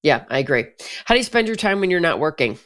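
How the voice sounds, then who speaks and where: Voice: mid-range voice, very animated, fast, fairly bright tone. A podcast host asking follow-up questions in a casual, agreeable way and often checking in with "right?".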